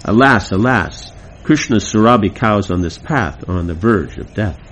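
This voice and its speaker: A man's voice: lowish voice, expressive, normal speed, fairly bright tone, slight background noise, poor audio. A man reading aloud the part of a lovesick young woman in a devotional play, lamenting.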